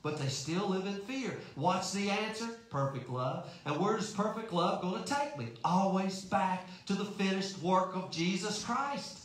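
A man's voice: high voice, expressive, measured pace, few pauses, a bit bright. A man preaching a sermon in a folksy, emphatic way, asking rhetorical questions. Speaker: pastor. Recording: very echoey room.

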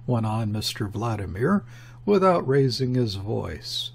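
A man reading a classic novel aloud as audiobook narrator, in a measured, deliberate manner. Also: lowish voice, animated, gravelly, a little mellow, husky. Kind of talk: scripted narration.

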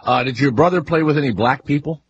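A man's voice: fairly high pitch, fast talker, breathy edge. A man from New Orleans hosting a radio talk show, asking questions in a rambling way with many restarts. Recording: dull lo-fi radio audio.

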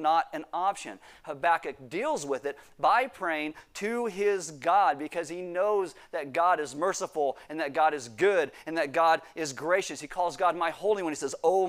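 Reading scripture aloud and dramatizing quoted prayers, a pastor delivers his sermon with abrupt bursts of emphasis. His male voice is fairly high in pitch.

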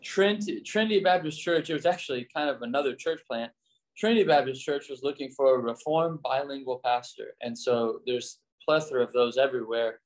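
A man's voice: mid-range voice, fairly quick. A man, a pastor and former missionary, telling stories casually as an interview guest and acting out the dialogue in them. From United States. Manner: animated storyteller, acts out quoted dialogue in a raised voice.

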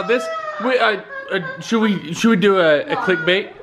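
A man's voice: high voice, normal speed. A man teasing and joking in a casual family vlog at home. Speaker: vlogger dad. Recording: noisy with family chatter behind.

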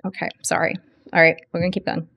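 A woman reacting to a music video in casual commentary, halting and emotional, with many fillers and apologies. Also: lowish voice, flat delivery, creaky, a bit bright, slight background noise. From grew up poor.

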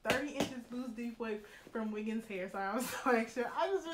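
A young woman vlogger chatting excitedly to her viewers, slangy, and quick to laugh. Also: a little high. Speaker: beauty vlogger. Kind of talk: casual unboxing chat to viewers. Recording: roomy echo, faint noise.

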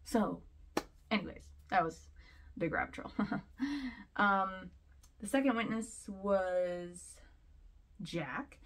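A woman's voice: mid-range voice, slow pace, long pauses. A woman vlogger giving casual commentary, rambling and chatty, often laughing between points.

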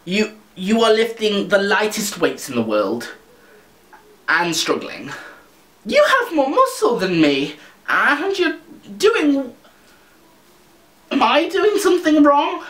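A man's voice: sits high, big pitch swings, slow pace, long pauses, a bit bright, roomy sound. A man ranting in a comedic vlog, sweary and sarcastic. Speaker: vlogger.

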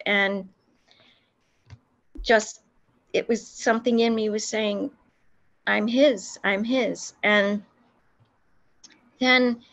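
A woman recounting a personal faith experience in an interview, speaking earnestly with many pauses and restarts. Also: mid-range voice, a bit bright, dull audio. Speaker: guest telling her faith testimony.

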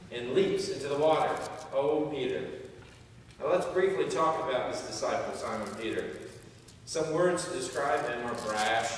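A man's voice: medium pitch, fairly bright tone, far from the mic, slight background noise. A man preaching a sermon as pastor, telling stories and jokes and acting out the voices of the people in them. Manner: storytelling with jokes, acts out quoted voices. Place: large church sanctuary. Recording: echoey church hall heard from afar.

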